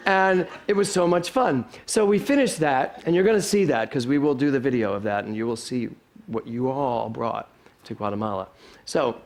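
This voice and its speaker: A male pastor telling a lively, self-deprecating story to his congregation during a sermon, chuckling along the way. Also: medium pitch, moderate pace. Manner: animated, self-deprecating humor, chuckles often. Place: spiritual center sanctuary.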